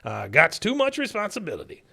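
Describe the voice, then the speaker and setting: A man's voice: high-pitched, huge pitch swings, a little fast, creaky, sharp tone, voice pushed up, full character voice. A man voicing a cantankerous elderly male war veteran from a cartoon, barking and boastful. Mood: grumpy.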